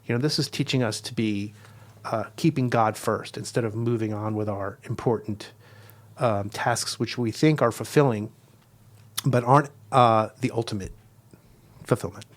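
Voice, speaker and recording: Earnest man explaining a devotional practice. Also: mid-range voice. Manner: earnest, reflective, often slows to stress words. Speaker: guest teacher.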